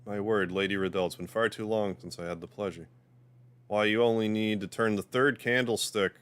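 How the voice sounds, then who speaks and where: A man's voice: fairly low pitch, steady tone, normal speed, a bit bright, smooth, close to an everyday voice. A man voicing a dazed, guilt-ridden old male knight in a game's story, speaking formally and mournfully. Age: older.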